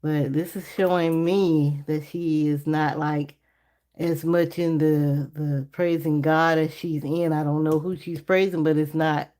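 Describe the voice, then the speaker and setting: A woman's voice: steady tone, unhurried, warm tone. A woman reading tarot on a casual live stream, chatty and laughing often as she talks to her viewers. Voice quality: naturally deep voice. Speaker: livestream tarot reader.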